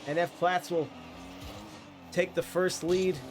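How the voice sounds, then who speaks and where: A man casting an esports match in excitable play-by-play style, sounding congested and nasal from a cold. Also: high voice, takes it slowly, music in the background. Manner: excitable play-by-play with frequent restarts. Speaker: esports caster.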